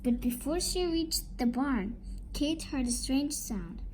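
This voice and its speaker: A woman reads a children's storybook aloud at an unhurried pace. Her voice is high and sings up and down as she brings the story to life. A faint room hum sits behind her. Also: rough recording. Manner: slow, expressive reading. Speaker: storybook reader.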